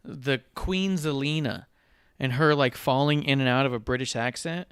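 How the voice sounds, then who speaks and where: A smooth, resonant man's voice at a middle pitch, chatting with friends as a podcast co-host over a video call. He comes across enthusiastic and opinionated and laughs easily. The sound is dry and close, with no room around it. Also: moderate pace, a bit bright, no room sound. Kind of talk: casual chat.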